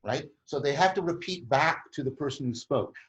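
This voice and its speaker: A man's voice: mid-range voice, expressive, moderate pace, a bit bright, lo-fi sound. A man hosting a conversation, explaining a group process at length with many restarts and frequent tag questions. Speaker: host.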